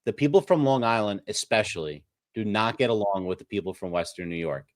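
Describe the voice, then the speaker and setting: Male host, low-voiced and chatty, moves the debate along. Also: animated, brisk, no room sound, studio quality. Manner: storytelling, enthusiastic, rambling. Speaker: podcast host. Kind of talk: casual sports debate.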